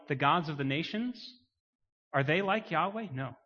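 A man preaching a sermon, swinging from quiet emphasis to loud, rising declarations. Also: a little high, expressive, moderate pace. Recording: muffled sound with long hall reverb.

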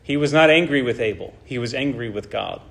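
Male preacher, medium pitch, emphatic and probing, checks in with the room. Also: brisk, vocal fry, a bit bright. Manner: emphatic, checks in with "right?" and "okay?". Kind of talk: sermon.

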